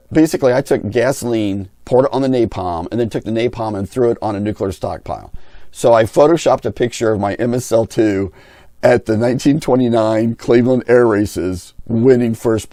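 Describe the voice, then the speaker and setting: Blunt, mellow-voiced man ranting. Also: medium pitch, dry recording, studio quality. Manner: blunt, opinionated, talks with his hands in words. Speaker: RC pilot and channel host. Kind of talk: candid storytelling rant.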